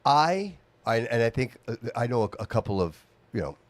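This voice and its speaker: A man's voice: mid-range voice, sing-song, normal speed. A man hosting a casual podcast chat, emphatic and slangy in the way he talks. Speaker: podcast host.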